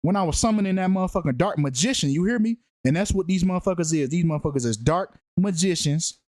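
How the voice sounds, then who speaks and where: A man talks through a casual, profane commentary in a slangy, emphatic way, often repeating a phrase to drive it home. His voice sits somewhat high for a man, and the sound is dry and close with no room echo. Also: expressive, fast, darkish tone. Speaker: true-crime numerology commentator.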